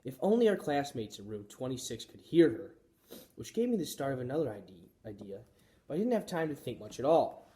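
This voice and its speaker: Expressive male teacher reading aloud. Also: medium pitch. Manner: expressive storytelling. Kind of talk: reading a children's chapter book aloud.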